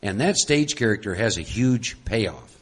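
A man leading a group workshop, animated and coaxing, often breaking into laughs. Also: lowish voice, unhurried, slightly rough. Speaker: workshop leader. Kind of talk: lively group workshop talk.

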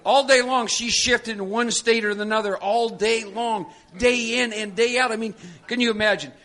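A man with a bright, forceful voice leads a group workshop. He coaxes and prods participants in an animated way and laughs often. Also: very high-pitched, normal speed. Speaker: workshop leader. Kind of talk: lively group workshop talk.

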